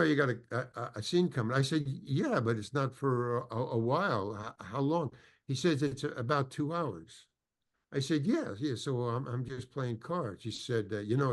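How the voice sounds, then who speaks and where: Older male guest, meandering anecdote, keeps restarting and acting out the dialogue. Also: medium pitch. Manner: rambling, full of restarts, acts out quoted dialogue. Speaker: interview guest, actor. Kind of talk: anecdotal storytelling in an interview.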